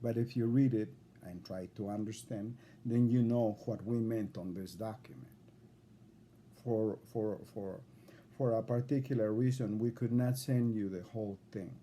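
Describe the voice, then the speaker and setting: A man's voice: fairly low pitch, fairly even intonation, moderate pace, mellow, a little hiss or hum. A man recording a video in which he speaks straight to a judge, in an indignant, lecturing way and often repeating himself. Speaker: self-represented litigant addressing a judge.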